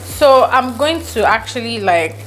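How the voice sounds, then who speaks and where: Animated woman vlogger, sizzling pan. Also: on the high side, unhurried, a little hiss or hum, rough recording. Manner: animated, laughing, mixes in slang. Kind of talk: storytelling vlog. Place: home kitchen, cooking. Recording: kitchen with loud frying sizzle.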